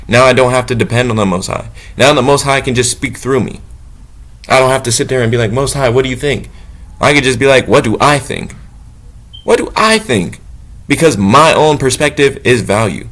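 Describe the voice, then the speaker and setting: A man gives an unscripted spiritual monologue, cursing freely as he talks. His voice sits in an ordinary middle pitch, dropping low and quiet when he muses and climbing high and loud when he preaches. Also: fairly quick. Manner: blunt and profane, swinging between low musing and loud preaching. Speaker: motivational talker.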